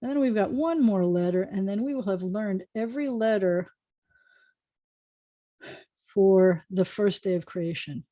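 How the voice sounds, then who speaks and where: Woman, warm low-toned voice, rabbi teaching a Hebrew class, chatty, video call. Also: measured pace, pauses often, dull audio. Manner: chatty, self-correcting, drawing letters as she explains. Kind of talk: online class lesson.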